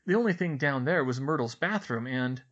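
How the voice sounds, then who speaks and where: A man reading a novel aloud as an audiobook narrator, expressive and animated. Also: mid-range voice, normal speed, dull audio.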